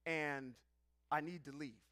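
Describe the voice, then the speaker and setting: A man voicing a smooth, deep-voiced partner in trouble, with a low crooning delivery. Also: fairly even intonation, slow, bright, forceful tone, no echo, studio quality. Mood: grave.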